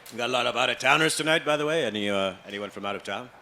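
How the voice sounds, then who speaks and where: Stand-up comic, male, mid-range voice, deadpan delivery, live club sound with noticeable background noise. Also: medium pitch, rapid-fire. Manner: deadpan storytelling, loud put-on voices for family. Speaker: stand-up comedian. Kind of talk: stand-up comedy with crowd work. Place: comedy club stage.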